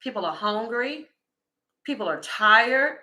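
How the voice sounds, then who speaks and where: Woman, tarot reader, casual livestream chat, bright clear tone, fairly high voice. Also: a little slow. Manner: chatty, animated, talks straight to viewers.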